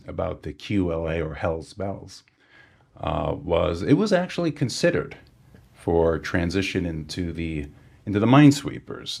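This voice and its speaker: In a laid-back podcast chat, a guest who works as a sonar engineer recounts technical history. He has a very low, gravelly, husky voice with a touch of roughness, and his explanations are full of filler pauses and restarted sentences.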